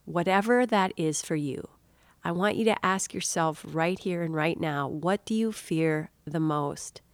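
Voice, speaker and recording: A woman's voice: on the low side, unhurried, no echo. A middle-aged woman hosting an inspirational talk show, telling a personal story in a chatty, encouraging way and speaking to the listener as a dear soul. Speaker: podcast host and author.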